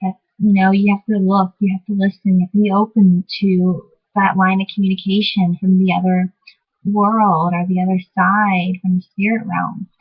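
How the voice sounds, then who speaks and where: A woman with a breathy, slightly husky voice talks her viewers through a topic in a loose, meandering vlog style. She keeps stopping to rephrase and fill gaps with little asides. The sound is muffled and lo-fi, like an older home video. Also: mid-range voice, flat delivery, normal speed. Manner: rambling, many fillers and self-corrections. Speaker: vlogger teaching divination. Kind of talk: casual explanatory talk to camera.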